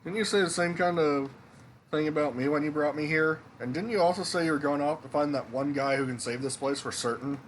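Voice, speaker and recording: A man's voice: mid-range voice, fairly even intonation, fast, hardly any pauses, a little hiss or hum, natural voice. A man voicing a sceptical woman who works at the inn, doubtful and complaining.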